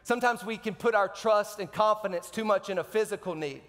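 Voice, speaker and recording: A man preaching a sermon as pastor, animated and joking between slow scripture readings. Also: high voice, in a large hall. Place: church sanctuary.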